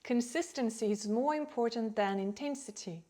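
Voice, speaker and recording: A woman teaching English who talks slowly and clearly, leaning on key words to show stress and rhythm for learners. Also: on the high side, dark tone. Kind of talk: slow, clear teaching delivery.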